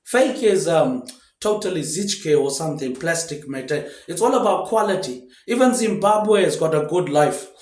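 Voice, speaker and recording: A man's voice: on the high side, expressive, normal speed, a little mellow. A man in a rambling, casual monologue, drifting between loosely connected thoughts and ending nearly every phrase with "mate, eh". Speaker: vlogger. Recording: roomy echo.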